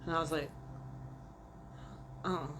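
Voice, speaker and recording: A woman's voice: low-pitched, steady tone, takes it slowly, a little hiss or hum. A woman vlogger chatting casually and profanely on a livestream, rambling and talking to viewers like friends.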